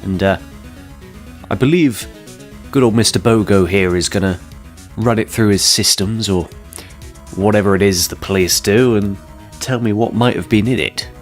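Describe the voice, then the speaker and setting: A man's voice: lowish voice, moderate pace, long pauses, faint music behind. A man commentating on a game he plays, chatty and self-deprecating with joking asides. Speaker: let's play host.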